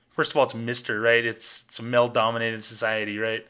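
Sarcastic ranting man with a bright edge. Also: medium pitch, level tone, fairly quick, clean tone. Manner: sarcastic, exasperated, mocking corporate phrasing. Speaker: podcast host, former bank employee. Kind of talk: ranting commentary.

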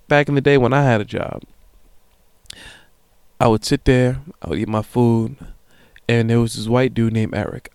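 A man's voice: mid-range voice, creaky, smooth, no echo. A young man hosting a podcast, reading listener emails in a casual, profane monologue and voicing the people in his stories. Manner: profane, animated storytelling with voiced quotes. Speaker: podcast host.

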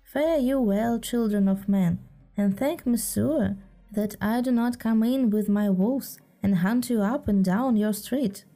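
Woman doing a proud scornful jungle boy, bit higher voice, slow and warm, storybook. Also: faint music behind. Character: bold wild boy raised by wolves.

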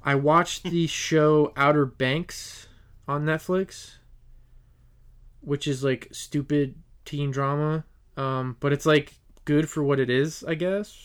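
A young man from New Jersey with a New Jersey accent, hosting a casual podcast chat and telling animated stories. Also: on the high side, slow, smooth. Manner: animated, laughing storyteller acting out quotes. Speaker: podcast host.

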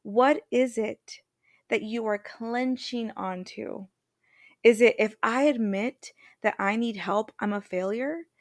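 A middle-aged woman hosting a motivational podcast, candid and emphatic, slowing down to stress repeated phrases. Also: fairly high pitch, no echo, studio quality. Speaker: podcast host and healer.

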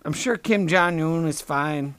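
Male comic host: high-pitched, sarcastic, crude rambling rants, dry close sound. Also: a little slow, a bit bright, clear, resonant tone, no echo. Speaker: podcast host. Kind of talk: comedic rant.

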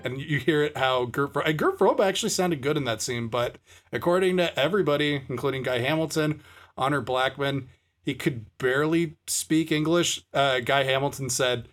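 Male co-host, average pitch, loose rambling delivery of film trivia. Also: moderate pace, faint music behind. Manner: rambling, self-interrupting trivia chat. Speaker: podcast co-host. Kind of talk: casual film discussion.

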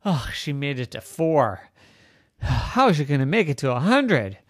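A parent telling an improvised bedtime story in a playful, animated way, with sound effects and hushed asides. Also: medium pitch, measured pace, no echo, clean studio sound.

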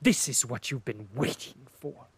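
A man reading an audiobook who voices a spiteful noblewoman, raising his voice high into shrill, hissing outbursts. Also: a little slow, husky. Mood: bitter. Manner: shrieking, hissing, venomous.

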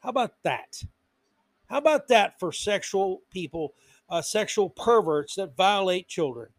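A male podcast host with a notably high voice rants through an indignant commentary monologue. He hammers his points with repeated words. The sound is close and dry, with no room echo. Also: lively intonation, a little slow. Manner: indignant ranting with emphatic repetition.

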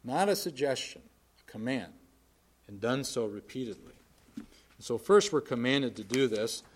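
A man preaching a sermon in an earnest, plainspoken way, swinging from forceful emphasis to quiet asides. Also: mid-range voice, sing-song, measured pace, a little hiss or hum.

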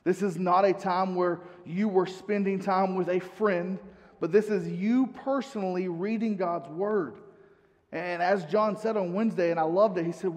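A male pastor preaches to his congregation, moving between relaxed, chatty asides and scripture readings. His voice sits a little high, and it carries a long reverb from a church hall. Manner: conversational preaching, reads scripture aloud. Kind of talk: sermon.

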